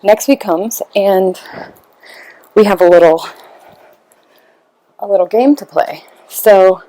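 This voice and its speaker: A woman hosts a podcast and tells a story at a loose, rambling pace. She talks casually with many fillers. Her voice sits at a middle pitch. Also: takes it slowly, pauses often, dark tone, dry recording, poor audio. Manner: rambling, acts out quoted voices. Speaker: podcast host.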